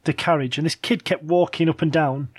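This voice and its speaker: A middle-aged man telling casual anecdotes, his fairly high voice full of fillers and small hesitations. He chuckles through the stories. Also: fairly even intonation, fairly quick, breathy edge.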